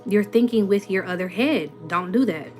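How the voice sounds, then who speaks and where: A young woman with a Southern US accent talks casually to her audience, reading comments and answering them bluntly with plenty of sass. Her pitch sits in a middle range, and faint music plays in the background. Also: normal speed, darkish tone. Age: 20s. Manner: blunt, sassy, rhetorical questions. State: runny nose. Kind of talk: casual livestream chat.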